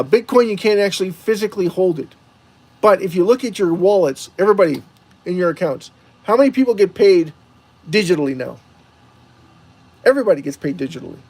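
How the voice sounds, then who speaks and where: A man's voice: high voice, a little mellow. Rambling male livestream host. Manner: rambling, asks chat rhetorical questions. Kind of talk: casual livestream talk to chat viewers.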